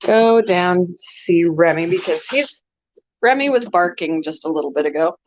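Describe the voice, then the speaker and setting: An animated woman with a lowish voice talks at a moderate pace while touring the animal cages at home for her casual pet vlog, laughing and chatting throughout. The dull, dry lo-fi recording carries a slight hiss or hum.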